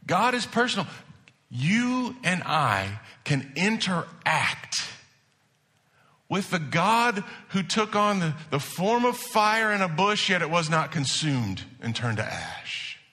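A man preaching a sermon to his church, moving between hushed asides and emphatic declarations. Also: fairly high pitch, very animated, takes it slowly. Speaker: pastor.

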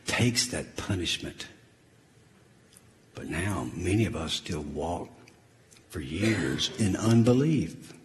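A man preaching a sermon, telling a family story and swinging from loud, laughing storytelling to a hushed, grave close. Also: low-pitched, slow, slight background noise. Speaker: pastor. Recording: long hall reverb.

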